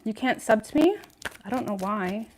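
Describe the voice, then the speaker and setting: A woman's voice: fairly high pitch, animated, normal speed, noisy background. A woman giving a casual livestream tarot reading, chatty and frank, with lots of "like" and "you know what I mean," laughing between points. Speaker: tarot reader.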